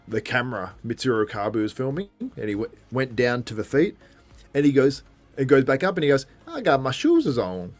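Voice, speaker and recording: Chatty man hosting a live stream. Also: mid-range voice. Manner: chatty, with frequent restarts and laughter. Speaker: livestream host. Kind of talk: casual live watchalong commentary.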